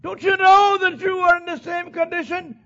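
A man voicing a condemned thief who shouts at another man from his cross, high and strained. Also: little pitch movement, moderate pace, dull audio. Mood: shouting rebuke.

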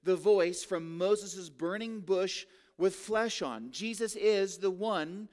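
A man with a fairly high voice delivers an expository sermon from the pulpit. He builds his points through rhetorical questions and slows down to draw out key words for emphasis. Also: darkish tone. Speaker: pastor.

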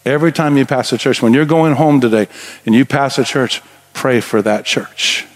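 A man's voice: medium pitch, moderate pace. A middle-aged man preaching a sermon as pastor in a church sanctuary, earnest and building to emphatic exhortation.

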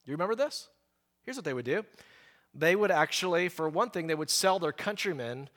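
A man preaching a sermon, lively and animated, acting out the people in the story. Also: on the high side, fairly quick. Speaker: pastor.

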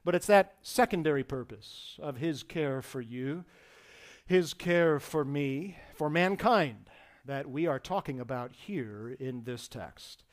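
Guy preaching a sermon in church, slightly high voice, gets loud then goes real quiet and soft. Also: expressive, slow. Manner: dynamic preaching that swings from loud emphasis to hushed, tender delivery. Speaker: pastor. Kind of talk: expository sermon.

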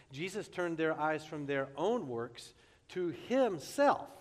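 A man preaching a sermon as pastor, expressive and acting out the quotes he reads, recorded with long reverb in a large hall. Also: fairly high pitch.

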